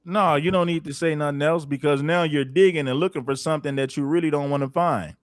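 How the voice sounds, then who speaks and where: A man's voice: fairly high pitch, fairly even intonation, fast talker, no room sound, studio quality. A man hosting a livestream, laying down firm, blunt views on relationships. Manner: blunt, firm, laughs along. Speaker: host.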